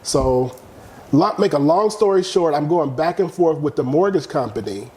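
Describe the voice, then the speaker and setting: A man's voice: on the high side, moderate pace. A middle-aged man, a guest in a casual interview, telling a story and acting out the quotes. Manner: animated storyteller who acts out quotes. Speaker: real estate guest.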